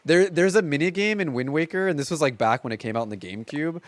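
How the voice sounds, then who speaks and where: A man's voice: fairly high pitch, lively intonation, fast, no room sound, faint music behind. A man in his thirties chatting casually on a live stream from home, rambling along with lots of filler words.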